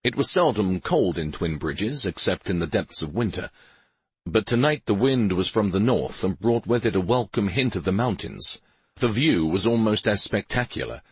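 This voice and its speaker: A man narrating a fantasy audiobook in a measured, even reading. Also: on the low side, slightly rough, dry recording. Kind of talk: scripted narration.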